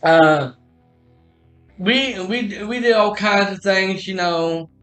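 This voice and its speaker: High-voiced man rambling through a story. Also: slow, fairly bright tone, faint music behind. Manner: rambling, repeats "I said" and restarts often. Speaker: podcast host telling a personal story. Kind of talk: casual storytelling.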